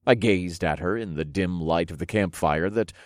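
A man narrating a first-person story for an audiobook, expressive, moving between low murmurs and loud bursts. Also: moderate pace, no echo, clean studio sound.

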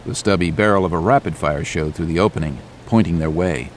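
A man with a very low voice narrates an action story. His delivery is steady and measured, and a faint ambient hum sits under the recording. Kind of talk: audiobook narration.

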